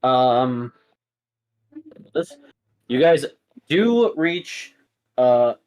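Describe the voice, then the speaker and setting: A man's voice: mid-range voice, big pitch swings, extremely slow, a little mellow. Rambling man running a tabletop game. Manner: rambling, filler-heavy. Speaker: game master.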